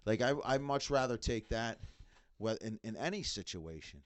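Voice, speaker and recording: Middle-aged man, casual podcast chat, animated storyteller, expressive pitch, dry sound. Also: normal speed, dry recording. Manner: animated storyteller, acts out quotes. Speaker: band member, father of bandmates.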